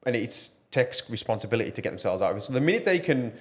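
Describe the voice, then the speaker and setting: A man's voice: mid-range voice, big pitch swings, very fast. A man talking earnestly and passionately as a podcast guest, with plenty of fillers. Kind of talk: casual podcast interview.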